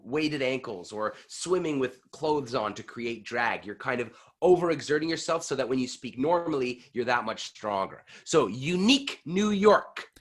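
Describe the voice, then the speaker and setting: Energetic man coaching vocal warm-ups. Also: medium pitch. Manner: energetic, coaching, demonstrates exercises loudly. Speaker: pitch coach. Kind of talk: online voice workshop.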